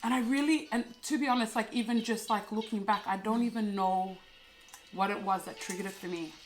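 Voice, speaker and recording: A young woman with a mid-range voice co-hosts a podcast, telling a candid personal story softly and haltingly, with many fillers and restarts.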